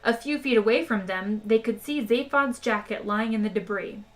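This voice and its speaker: A woman reading a novel aloud for a live stream audience, chatting casually between chapters. Her manner is relaxed and talky, and her voice sits somewhat high. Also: normal speed. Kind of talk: read-aloud narration and casual chat.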